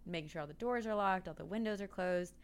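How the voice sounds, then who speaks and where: A woman's voice: lowish voice, fast talker. A woman guesting on a podcast, telling a story in a chatty way full of filler words. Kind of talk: casual storytelling.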